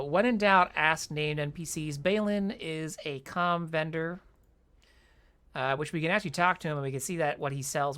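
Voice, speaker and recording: Casual gameplay commentary, walkthrough host, chatty, jokey asides, medium pitch. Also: a bit bright.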